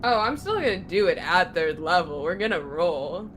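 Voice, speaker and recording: A woman playing a tabletop game, excitable and laughing, with hesitant restarts. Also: on the low side, normal speed, slight background noise. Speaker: player.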